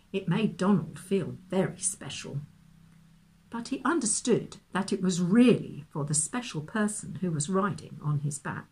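A woman gently reading a children's Bible story aloud, with expressive storytelling. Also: mid-range voice, husky.

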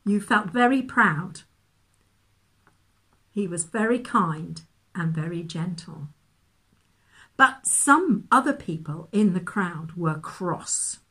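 Slow, husky woman telling a children's story. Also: on the low side. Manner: gentle, expressive read-aloud storytelling. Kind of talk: reading a children's Bible story aloud.

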